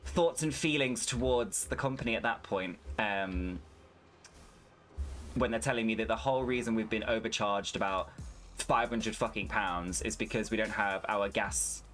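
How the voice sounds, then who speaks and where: A man's voice: mid-range voice, fairly bright tone. A young man streaming a farming game, chatting casually and swearing freely while he rants. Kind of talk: casual gameplay commentary.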